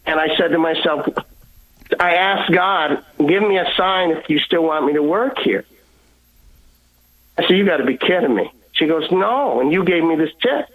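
Man, guest, personal testimony, earnest, repeats himself, voices the people he quotes, slightly high voice. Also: moderate pace, long pauses, a bit bright, rough recording. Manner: earnest, repeats words, acts out voices in his story.

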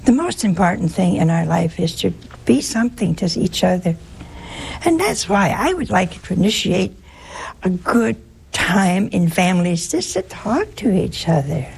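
Gravelly, raspy-voiced woman giving a chatty talk. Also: on the low side, expressive, normal speed, a little mellow. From United States. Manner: chatty, anecdotal, humorous. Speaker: religious sister giving a talk. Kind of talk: informal spiritual talk to an audience.

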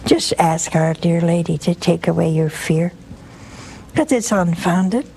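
A woman's voice: lowish voice, measured pace, gravelly, warm tone, poor audio. An older woman hosts a religious call-in show in a motherly, reassuring way. She calls her callers honey and sweetheart while she counsels them. A faint hiss sits under her voice. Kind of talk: gentle spiritual counsel to callers.

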